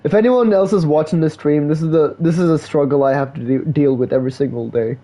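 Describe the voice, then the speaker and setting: Mellow-voiced man rambling on stream. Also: fairly high pitch, fast talker. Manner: slangy, laid-back, fills with "bro" and "like". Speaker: live streamer. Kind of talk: casual rambling stream chat.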